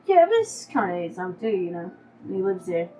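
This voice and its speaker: A woman's voice: lowish voice, a little fast, far from the mic, slight background noise, poor audio. Casual woman player, off-mic. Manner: casual, tired-sounding, relaxed. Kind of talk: casual in-character tabletop play.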